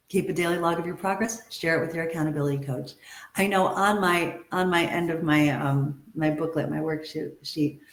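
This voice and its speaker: A woman's voice: lowish voice, reverberant. A woman acting and modeling coach giving an upbeat, motivational webinar talk, stressing and repeating her key points.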